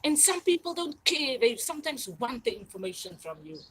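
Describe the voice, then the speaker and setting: A woman's voice: a little high, big pitch swings, a little fast, fairly bright tone, husky, rough recording. A woman, hosting a livestream and talking in a rambling, repetitive, insistent monologue. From South Africa. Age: 40s. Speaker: channel host.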